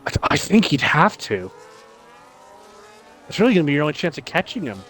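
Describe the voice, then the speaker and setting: A man's voice: fairly high pitch, sing-song, brisk, a bit bright, slight background noise. A man co-commentating a live online racing league in a casual, analytical way and laughing easily.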